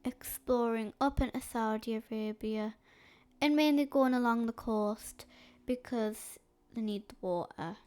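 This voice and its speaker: A woman narrates a map history video at an unhurried, halting pace. Her voice sits a little high and sounds stuffy from a snotty nose. She pauses often and fills the gaps with "um". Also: a little mellow, clear, resonant tone. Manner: hesitant, slow, with frequent fillers. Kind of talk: slow narrated map commentary.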